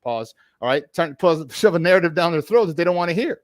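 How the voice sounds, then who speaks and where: A man's voice: fairly high pitch, lively intonation, fast talker, dry recording, clean studio sound. A man hosting a casual sports talk show, laughing often and arguing his points with emphatic energy. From Chicago area.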